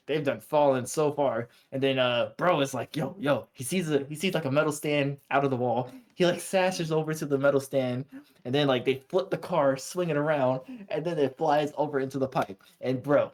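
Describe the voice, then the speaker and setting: Excited man recapping anime episodes. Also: on the high side, brisk. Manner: excited, rambling storytelling with slangy asides. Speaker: podcast co-host.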